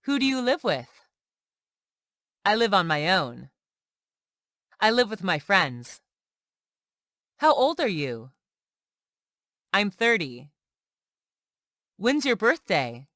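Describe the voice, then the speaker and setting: A woman reading everyday English example sentences one by one for learners, slow and clear. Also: medium pitch, no echo, studio quality. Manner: slow, clear, lively intonation on questions. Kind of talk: slow scripted reading of phrases.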